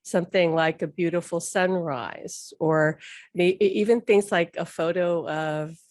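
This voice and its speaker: A woman's voice: lowish voice, steady tone, a little slow, a little mellow, no room sound, clean studio sound. A woman hosting a casual spoken talk, rambling and chatty, laughing often and peppering her speech with "like". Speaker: host.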